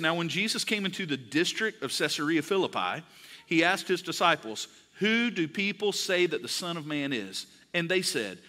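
A man preaching in a large church auditorium, his bright, forceful voice sitting a little high for a man. He talks in a loose, joking, conversational way, then presses his points with conviction. A long hall reverb trails every phrase. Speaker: pastor. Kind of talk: sermon.

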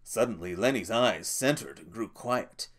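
A man reading an audiobook as narrator in a steady, measured way. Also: on the low side.

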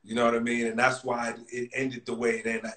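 A man's voice: medium pitch, monotone, a little fast, a bit bright. Laid-back man in an echoey room. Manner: laid-back, casual slang. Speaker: guest. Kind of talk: casual interview chat.

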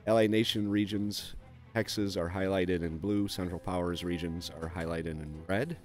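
A man with a deep, low-pitched voice talks through a strategy game in a relaxed walkthrough. He reads the on-screen text aloud, adding fillers and dry little asides along the way. Faint music plays behind him. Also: moderate pace. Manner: frequent "uh" and "um" fillers. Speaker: gameplay video host.

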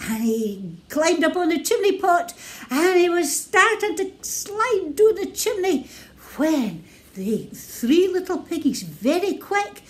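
A woman with a Scottish accent telling a children's story in a playful, expressive way. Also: very high-pitched, takes it slowly.

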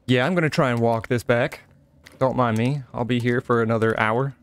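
A young man giving casual let's-play commentary, excitable, exclaiming and chatting to an in-game companion. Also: mid-range voice, fairly quick, clear, resonant tone. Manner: excitable, talks to companion character, frequent laughs and exclamations. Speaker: gaming channel host.

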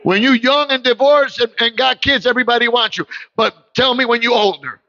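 Male preacher, high and forceful, preaches with fire, shouts at peaks; dry, muffled livestream sound. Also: fairly quick, no echo. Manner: impassioned, swings into shouts. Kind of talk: sermon with storytelling.

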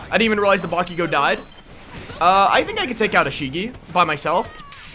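A young man giving excitable live commentary over his gameplay, yelping and laughing when caught off guard. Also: high-pitched, quick pace, soft background music. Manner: excitable, yelps and laughs at sudden danger. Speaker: gaming YouTuber.

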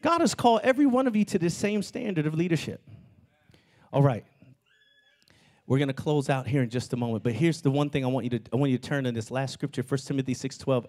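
A man preaching a sermon as pastor of his church, with animated delivery that climbs into shouts. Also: mid-range voice, fast. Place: church sanctuary.

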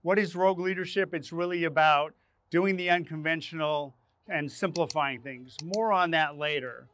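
A man hosting his own leadership channel, telling a dramatic personal story to camera in an animated way, acting out his own panicked lines. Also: fairly high pitch, normal speed, no echo. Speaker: leadership speaker and channel host.

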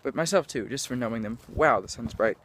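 A man's voice: mid-range voice, a little fast, a bit bright, a little hiss or hum. A young man rambling through a casual vlog outdoors, scattered and self-mocking, losing his train of thought and laughing often into a camera mic. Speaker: vlogger. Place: outdoors in sunlight.

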